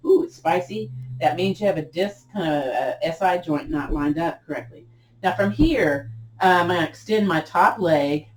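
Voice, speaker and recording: A woman leading a gentle yoga class, giving upbeat, cheering cues with chatty asides, her voice a little cracked as she clears her throat. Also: fairly low pitch. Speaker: yoga instructor. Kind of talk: guided yoga class instruction. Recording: echoey room, distant mic.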